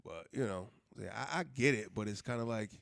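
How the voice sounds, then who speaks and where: A man's voice: fairly low pitch, a little fast, creaky, a bit bright, dry recording, clean studio sound. A man cohosting a podcast, telling loose, profane stories in casual chat. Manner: loose, profane storytelling with laughs and restarts.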